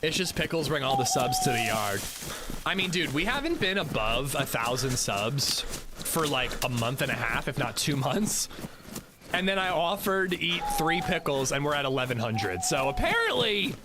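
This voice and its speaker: A man's voice: fairly high pitch, very animated, normal speed, noisy background. A man chatting casually while livestreaming a video game, rambling and self-mocking. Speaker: game streamer.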